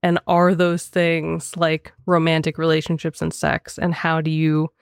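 Young female co-host, lively and chatty, lower voice, dry close sound. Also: creaky, clear, resonant tone, no room sound. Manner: animated, laughs often, talks in quick bursts. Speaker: podcast co-host. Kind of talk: casual film discussion.

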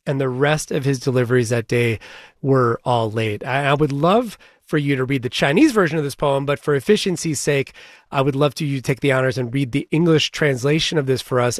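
A man interviewing a guest for a news program, asking measured, curious questions. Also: a little high, no room sound, studio quality. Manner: measured, inquisitive. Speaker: radio interviewer.

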